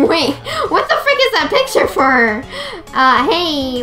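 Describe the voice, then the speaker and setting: A young woman with a high voice gives casual let's-play commentary. She is excitable and giggly, chatting straight to her viewers at an unhurried pace. Her tone stays light and playful. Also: music in the background. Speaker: gameplay streamer.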